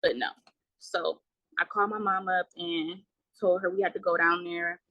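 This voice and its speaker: A young woman telling a painful personal story in a halting way, with many fillers and trailing words. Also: on the low side, steady tone, no room sound, dull audio. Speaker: guest. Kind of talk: emotional personal account.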